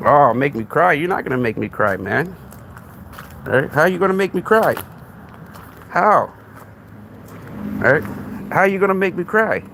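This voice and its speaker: A Texan man hosting a live stream, firing rhetorical questions at a commenter and repeating himself. His voice is gravelly and swings widely in pitch. A faint hum of noise sits behind him. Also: sing-song, a little slow, pauses often, a bit bright. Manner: confrontational, repetitive, rhetorical questions. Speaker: podcast host.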